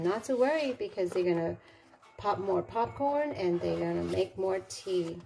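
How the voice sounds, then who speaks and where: A woman reading a picture book aloud, stopping to explain words simply with pauses and fillers. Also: on the low side, animated, vocal fry, dark tone, faint music behind. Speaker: storybook reader.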